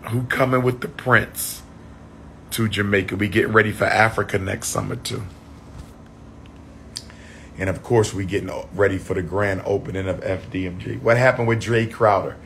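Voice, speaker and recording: A man chatting on a livestream, losing his voice, repeating shout-outs to his viewers. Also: fairly low pitch, fairly even intonation, moderate pace, vocal fry, a little hiss or hum. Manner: repetitive, call-and-response shout-outs to viewers. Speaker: livestream host. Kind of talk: casual livestream chat.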